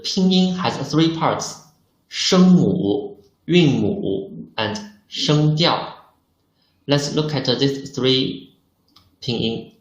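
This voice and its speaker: Male language teacher, slow and patient, roomy echo. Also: fairly high pitch. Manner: slow, patient, models pronunciation. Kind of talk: online language lesson.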